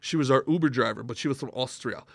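A man's voice: medium pitch, fast, gravelly, no room sound. A man hosting a podcast and chatting casually, rambling with restarts before landing emphatic lines. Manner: rambling, hesitant, with many restarts, then emphatic. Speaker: podcast host.

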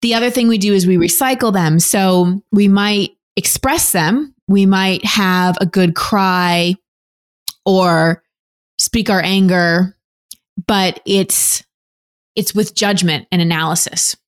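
A woman with an ordinary middle-pitched voice answers as a relationship coach on an interview show. She explains patiently and earnestly, in the steady manner of a teacher walking a listener through an idea. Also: slow, smooth. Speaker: relationship coach, podcast guest.

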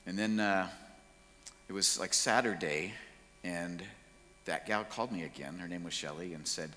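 A man telling his personal story in a casual, slangy, lively way. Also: sits low, fairly quick, long reverb tail, a little hiss or hum. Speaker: speaker sharing his testimony.

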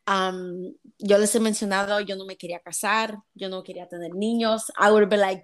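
A woman's voice: medium pitch, flat delivery, brisk, few pauses. A woman in her twenties chatting casually and candidly, switching between English and Spanish, swearing freely. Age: 20s. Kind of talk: casual chat.

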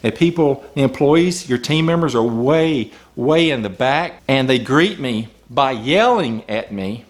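A man's voice: mid-range voice, expressive, measured pace, few pauses. A man coaching small business owners, talking emphatically and firing off rhetorical questions from the customer's point of view. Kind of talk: business advice talk.

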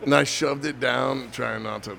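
A man's voice: mid-range voice, normal speed, gravelly. A man co-hosting a podcast, telling stories casually and swearing freely. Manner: relaxed storytelling with swearing. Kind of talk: casual chat.

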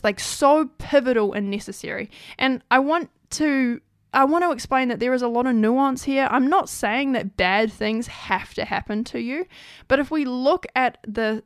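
A woman's voice: on the high side, no room sound, clean studio sound. A woman host telling a personal story in an earnest, chatty way, often saying "like".

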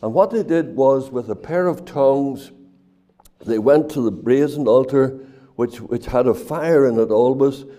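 An earnest man teaches from scripture in a sermon. His voice is very dark and mellow, pitched in an ordinary middle range. He often restarts and repeats words as he works through a point. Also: measured pace. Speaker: preacher.

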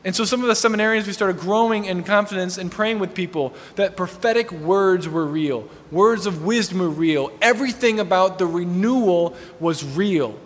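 A man's voice: sits high, normal speed, hardly any pauses. A man preaching a sermon, telling a personal testimony in an earnest, storytelling way with frequent restarts. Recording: long hall reverb.

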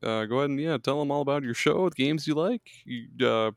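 A man's voice: mid-range voice, fairly quick, dry recording, clean studio sound. A man hosting a gaming podcast, laid-back and teasing his guests with a laugh. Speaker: podcast host. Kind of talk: casual podcast chat.

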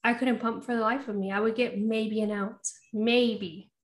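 Woman co-host, fairly high voice, lively storyteller who acts out quotes. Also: normal speed. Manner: animated storytelling, acts out quotes, laughs often. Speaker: podcast co-host. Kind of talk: casual chat.

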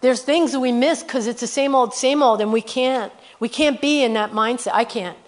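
With a voice on the high side, a woman preaches conversationally about her missionary work. Her tone is earnest, she often tosses in "you know" and "okay?", and she reads scripture fast.

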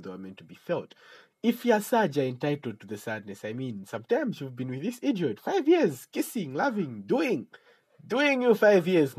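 A man hosting a casual solo podcast and giving chatty advice. He jokes as he talks, laughs at his own asides, and breaks into sudden animated outbursts. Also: husky, low-quality recording. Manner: animated outbursts with sudden high pitch jumps. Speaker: podcast host.

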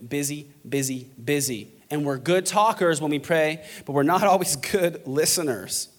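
A young man preaching a sermon in a church, joking and lively, swinging between loud bursts and hushed passages. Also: fairly high pitch. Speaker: pastor. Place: church auditorium.

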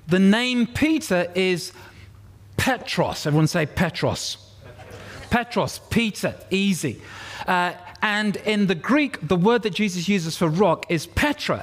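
A man's voice: high voice, lively intonation, a little slow. A man preaching a sermon to a congregation, explaining scripture and having the crowd repeat words back to him. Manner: expository, leads congregation call-and-response. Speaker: pastor. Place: church.

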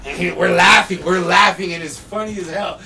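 A man from North Portland, a podcast guest, telling casual stories in an animated, profane way and acting out other people's voices. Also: high voice, a little fast, vocal fry, over music. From North Portland, USA. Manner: animated, profane, laughing, acts out quoted voices. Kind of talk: casual storytelling. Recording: distant mic with steady background noise.

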